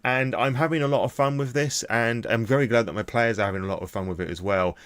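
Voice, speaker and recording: A man's voice: mid-range voice, fast, a bit bright, dry recording. A young British man recapping a tabletop session as its game master, rambling enthusiastically with lots of fillers. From Britain. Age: young adult.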